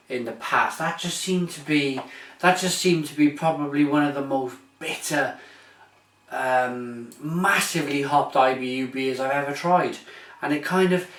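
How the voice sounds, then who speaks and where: Chatty British man in an echoey room. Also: medium pitch. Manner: enthusiastic, rambling, with frequent restarts and repeats. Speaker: beer reviewer, channel host. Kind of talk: casual review vlog. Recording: echoey room, mic at a distance.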